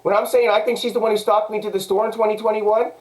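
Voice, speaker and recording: A Canadian man talks in an angry personal monologue. His voice sits high, and he keeps circling back to the same points. He swears often, sounding agitated throughout. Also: level tone, fast talker, rough recording. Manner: agitated, repetitive, profane. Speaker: vlogger.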